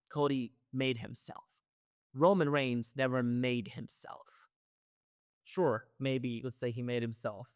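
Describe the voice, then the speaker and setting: A man's voice: mid-range voice, no room sound, clean studio sound. A man hosting a wrestling reaction show, ranting heatedly with lots of profanity and repeated phrases. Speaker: wrestling commentary host.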